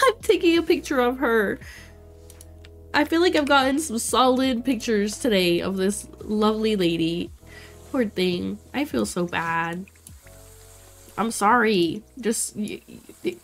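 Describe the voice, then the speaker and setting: Excitable young woman streaming a game. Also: fairly high pitch. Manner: excitable, exclaiming and laughing often, chatting to viewers. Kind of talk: casual let's play commentary.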